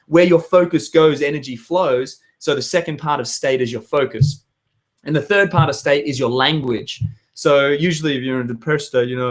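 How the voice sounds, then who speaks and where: A hoarse young man giving an energetic motivational talk to his viewers, with emphatic outbursts. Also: a little high, moderate pace. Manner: energetic, emphatic, bursts into loud shouts. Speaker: vlogger.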